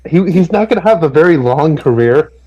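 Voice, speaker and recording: A man's voice: on the high side, expressive, a little fast, dark tone. A man on a casual wrestling podcast telling stories with swearing and amusement, on a dull lo-fi mic. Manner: profane, amused storytelling. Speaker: podcast co-host.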